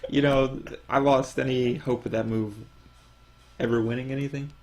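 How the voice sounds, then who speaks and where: A man's voice: mid-range voice, fairly even intonation, normal speed. Male podcast co-host, laid-back and teasing. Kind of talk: casual chat.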